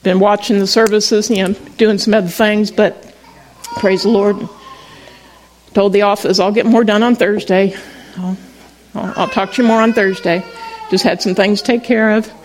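A woman's voice: mid-range voice, steady tone, normal speed, a little hiss or hum, low-quality recording. Chatty woman pastor telling a story. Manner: conversational storytelling with frequent restarts. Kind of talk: sermon.

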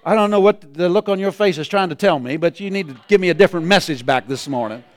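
Man preaching with shouted refrains. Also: high-pitched, fast talker, no echo. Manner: calls out to the congregation. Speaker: pastor. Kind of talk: sermon.

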